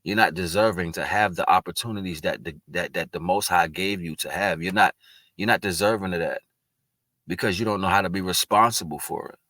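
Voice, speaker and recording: In a dry, close recording without any room sound, a man with a very low but bright voice talks a little fast and forcefully to the camera. His unscripted, casual monologue is earnest, reflective and spiritual, rambling through sentences that stall and restart. He's a vlogger sharing personal reflections and gets tearful at times.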